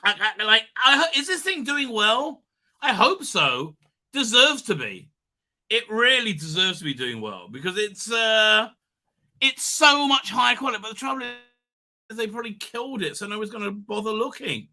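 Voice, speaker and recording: Hoarse, bright-voiced man rambling. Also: high-pitched, big pitch swings, moderate pace. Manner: rambling, many restarts and fillers. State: hoarse from illness. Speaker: livestream host. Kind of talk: casual livestream commentary.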